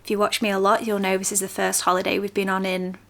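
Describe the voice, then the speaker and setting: A woman's voice: medium pitch, flat delivery, fast, gravelly, a bit bright. A woman vlogger chatting casually to the camera, laughing often as she talks.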